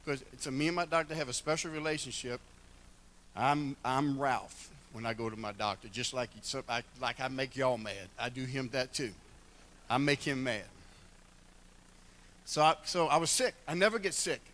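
A man's voice: mid-range voice, moderate pace, a bit bright. An older man giving a heartfelt church address, telling folksy stories with humor. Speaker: church member speaking at a retirement celebration.

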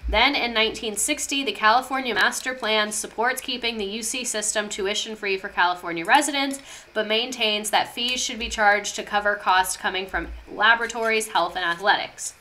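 Bright-voiced, irreverent woman teaching history. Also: medium pitch, moderate pace, slight background noise. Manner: irreverent, passionate, swears freely. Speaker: history vlogger. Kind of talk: casual history lesson.

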